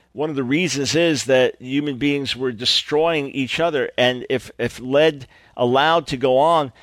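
A man's voice: mid-range voice, a bit bright, no room sound. A middle-aged man preaching earnestly, stressing points with repeated emphatic phrases. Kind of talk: sermon-style radio teaching.

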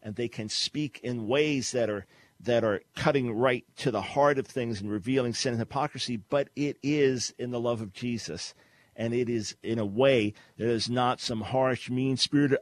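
Middle-aged male radio host, earnest teaching voice, average pitch, dry studio sound. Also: normal speed, dry recording. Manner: earnest preaching delivery with repeated restarts. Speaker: radio talk show host. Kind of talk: call-in radio talk and teaching.

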